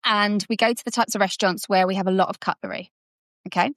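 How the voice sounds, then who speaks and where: A woman speaking as a coaching guest, at a middle pitch for a woman, lively and chatty. She often slips into short acted-out scenes. Her voice sounds dry and close, with no room echo. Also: quick pace. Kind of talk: conversational coaching talk.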